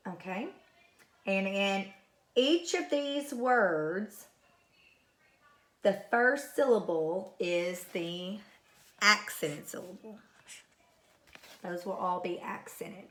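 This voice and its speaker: A woman's voice: mid-range voice, very slow, long pauses. A woman teacher giving a recorded phonics lesson to young pupils, patiently repeating each word. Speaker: third grade teacher.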